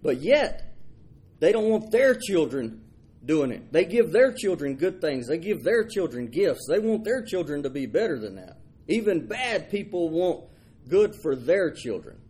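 A man's voice: fairly high pitch, big pitch swings, unhurried, a little mellow, breathy edge. A man preaching a folksy sermon. He stumbles over and repeats his words and acts out the people in the story.

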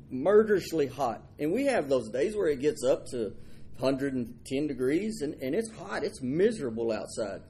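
A man preaches in a folksy, conversational way, often repeating words as he acts out the characters. His voice is mellow, sits a little high, and swings widely in pitch. A faint rumble runs under the recording. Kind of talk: sermon.

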